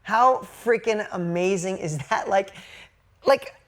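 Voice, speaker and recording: A woman's voice: mid-range voice, slow. A woman business coach telling a candid story to her coaching group, speaking bluntly and swearing casually.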